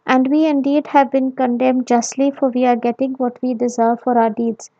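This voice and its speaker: A woman reads scripture aloud at a steady, measured pace. Her voice sits fairly high and sounds mellow. The recording is dry and dull, with a lo-fi sound. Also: no echo. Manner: steady, measured reading with small self-corrections. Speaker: scripture reader. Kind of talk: Bible reading.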